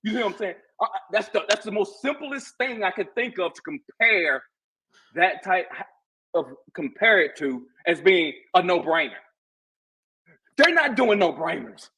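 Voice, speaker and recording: A man with a high, husky voice talks football on a casual podcast, and his pitch swings up and down as he gets heated. He is passionate and says his points again and again to make them land. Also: moderate pace, rough recording. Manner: impassioned, animated, repeats himself for emphasis. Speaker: guest co-host. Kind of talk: casual sports podcast debate.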